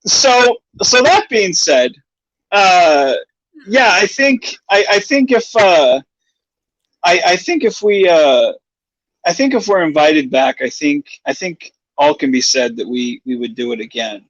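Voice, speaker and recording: A man hosting a casual chat, excitable, exclaiming and laughing often. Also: fairly high pitch, measured pace, dry recording, dull audio. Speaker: host.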